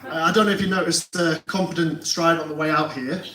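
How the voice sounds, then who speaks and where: A man's voice: fairly high pitch, steady tone, brisk. A man doing a stand-up set at a live gig, with a dry, self-mocking delivery. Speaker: stand-up comedian. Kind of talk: first-time stand-up routine. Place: live comedy gig venue. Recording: echoey room, distant mic, loud noise.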